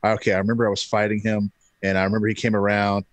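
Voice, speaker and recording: A man in his thirties tells a story in relaxed, casual talk. He jumps up in pitch to act out what others said, and his voice sounds dry and close to the mic. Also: racing, dry recording. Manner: animated, acts out quotes. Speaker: podcast guest.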